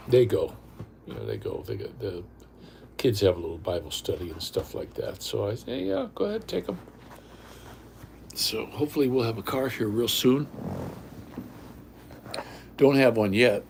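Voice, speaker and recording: A man's voice: lowish voice, darkish tone, slight background noise. An older man hosting a casual livestream from home, talking bluntly and rambling, often repeating himself. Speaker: livestream host.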